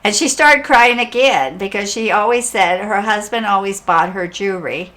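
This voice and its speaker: A woman's voice: mid-range voice, moderate pace, a bit bright. A woman psychic medium telling a personal story in a chatty, casual way, repeating phrases and laughing as she talks.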